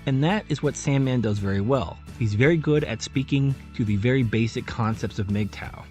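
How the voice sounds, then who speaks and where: Male YouTube commentator, earnest and animated, faint guitar music underneath. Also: medium pitch, fairly quick. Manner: earnest, advice-giving, animated. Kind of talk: unscripted commentary monologue.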